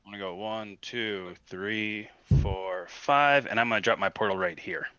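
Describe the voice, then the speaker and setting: A man playing a tabletop game, excitable and laughing often in casual banter. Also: on the low side, normal speed, clean tone, no echo, highs cut off. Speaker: player.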